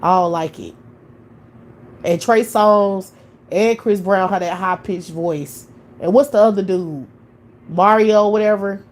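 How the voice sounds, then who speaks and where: A woman's voice: medium pitch, takes it slowly, long pauses. A woman hosting a live stream, talking in a blunt, profane, opinionated way in casual chat.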